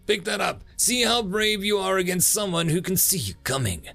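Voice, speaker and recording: A man voicing a scornful young blonde woman fighter who gives hard, sharp commands. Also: fairly high pitch, big pitch swings, measured pace, gravelly, faint music behind, pitched above the performer's own voice, full character voice. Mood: scornful, commanding.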